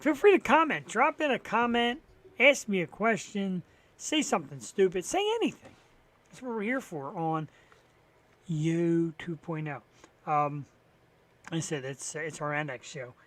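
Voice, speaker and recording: A man's voice: high-pitched, fairly bright tone. A man hosting a live online talk show on his own, rambling casually with wry, profane asides. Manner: rambling, profane and wry, sarcastic about sports. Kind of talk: solo live-stream chat filling time.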